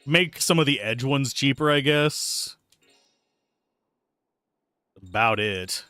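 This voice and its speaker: A man livestreaming from his home computer desk, chatting loosely as he plays. He rambles and swears when annoyed, and his voice is bright and swings around a lot. The sound is close and dry, with no room echo. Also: medium pitch, expressive, slow, faint music behind. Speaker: livestreamer playing a video game. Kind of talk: casual gameplay commentary. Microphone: close mic with earbuds at a PC.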